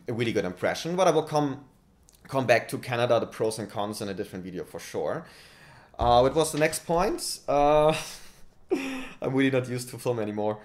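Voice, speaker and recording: A man in his twenties with a German accent, talking to camera in his flat and thinking aloud with many restarts. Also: lowish voice. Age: 20s. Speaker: vlogger. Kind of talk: casual talk to camera. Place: condo apartment.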